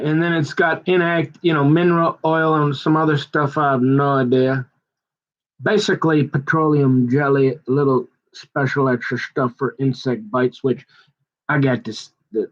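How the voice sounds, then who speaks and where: A man's voice: fairly high pitch, muffled recording. Rambling middle-aged man, folksy chatter. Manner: digressive, talkative, folksy. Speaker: vlogger. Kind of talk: rambling casual chat.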